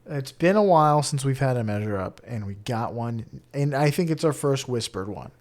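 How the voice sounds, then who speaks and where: A man co-hosting a podcast in casual chat, chatty and quick to laugh, sometimes stumbling over words. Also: mid-range voice, lively intonation, a little mellow. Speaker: podcast co-host.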